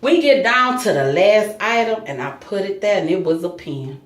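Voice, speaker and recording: A woman vlogger telling a true story to her viewers in a casual, animated, emphatic way. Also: mid-range voice, moderate pace, reverberant.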